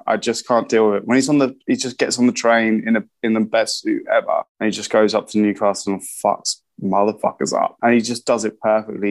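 A man with a lowish voice chats eagerly as a podcast co-host, laughing often. His talk is loose and excitable. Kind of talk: casual chat.

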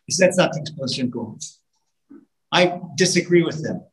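A male rabbi delivers a live sermon to an audience, retelling stories with lively, animated fervor. His voice carries through a roomy, echoing hall. He breaks into snatches of song and builds his points to impassioned emphasis. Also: a little high, fairly quick. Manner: animated storytelling with sung lines and rising fervor. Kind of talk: storytelling sermon. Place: live talk in a room.

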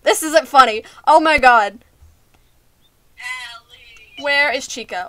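High-pitched young woman, jittery and scared. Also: unhurried, pauses often, fairly bright tone. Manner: jittery and scared, nervous laughs and repeated phrases. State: shaky and lightheaded. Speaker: gaming YouTuber. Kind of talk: let's play commentary.

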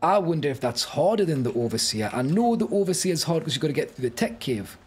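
Excitable man narrating gameplay. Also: fairly high pitch, fast talker, breathy edge. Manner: excitable, panicky, talks to his creatures. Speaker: gaming YouTuber. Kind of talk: live gameplay commentary. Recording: loud game music behind the voice.

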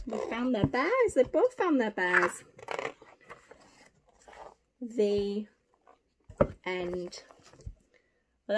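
A woman teacher reads a picture book aloud to young children, gasping and exclaiming as she points things out. Her voice sits high and swings widely in pitch. She takes her time, pausing between phrases. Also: background noise. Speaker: primary school teacher.

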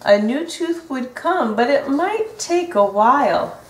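A woman reads a picture book to children, gentle and sing-song, slow and fairly high. She sounds far from the mic in an echoey room. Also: animated. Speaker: storybook reader. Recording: roomy echo from a distant mic.

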